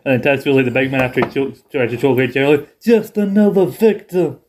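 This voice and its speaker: A man's voice: mid-range voice, level tone, very fast, slight background noise. A man co-hosting a wrestling podcast in casual chat, wry and acting out quotes. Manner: wry, acts out quotes, laughs along. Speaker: podcast co-host.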